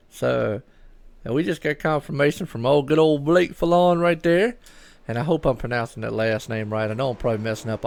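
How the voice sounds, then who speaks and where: Gravelly chatty man commentating. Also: mid-range voice, no room sound. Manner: chatty, rambling, talks to chat viewers. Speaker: sim racing commentator. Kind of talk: solo live race commentary.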